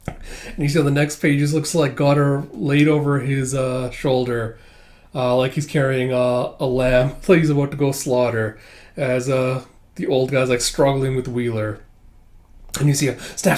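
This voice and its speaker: A man casually reading through a manga chapter, narrating and acting out lines, laughing often and breaking into high squealing voices for characters. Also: fairly even intonation, moderate pace, a little mellow. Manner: reads dialogue aloud, jumps into high squealing voices for characters; chatty, laughs often, fills with "it's like". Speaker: manga reader and commentator.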